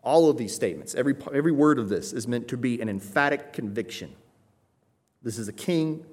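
A man preaching a sermon with emphatic conviction, often checking in with "right?" and swinging from low, quiet stress to raised emphasis. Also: expressive, fairly quick.

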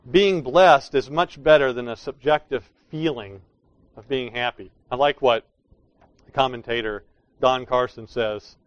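A man's voice: mid-range voice, measured pace, no room sound, lo-fi sound. A man preaching a sermon, explaining scripture in an emphatic way that leans hard on key words. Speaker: pastor.

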